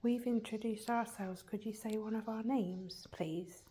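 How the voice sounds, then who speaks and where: A woman's voice: on the high side, unhurried, slight background noise. Woman whispering questions to spirits. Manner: calls out to spirits in soft, half-whispered questions. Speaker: paranormal investigator and host. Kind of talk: casual ghost-hunting chat with spoken voice-over. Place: abandoned care home, indoors.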